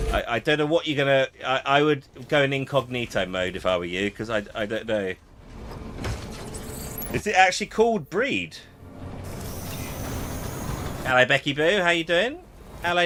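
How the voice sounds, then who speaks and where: Brief: male streamer, mid-pitched, casual muttering chat over loud game audio. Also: noisy background. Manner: chatty, greets chat viewers, mutters while playing. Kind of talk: casual live-stream chat while gaming.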